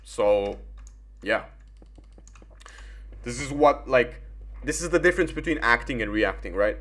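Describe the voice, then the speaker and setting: A man's voice: mid-range voice, expressive, unhurried, a bit bright. A young man giving rambling, casual commentary while gaming, full of fillers and swearing.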